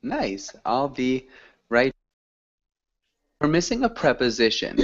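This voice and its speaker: A man teaching an English class, correcting students gently and praising them. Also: medium pitch, sing-song, a little slow, long pauses, muffled recording.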